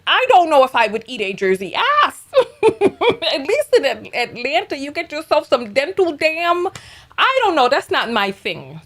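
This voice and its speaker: A woman hosting a reaction show, commenting casually and bluntly while reading messages aloud. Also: high-pitched. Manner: chatty and blunt, reads screenshots aloud.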